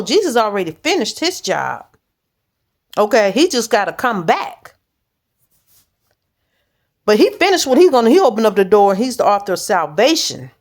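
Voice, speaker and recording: Blunt, plain-spoken woman preaching. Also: fairly high pitch. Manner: blunt, direct, street-plain talk. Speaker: church leader. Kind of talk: informal preaching.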